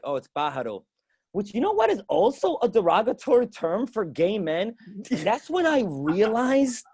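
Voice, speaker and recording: A young man from the Dominican Republic doing a loose, animated stand-up set from his home balcony, acting out quoted voices. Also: a little high, no room sound. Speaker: stand-up comic. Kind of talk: stand-up set on a video stream.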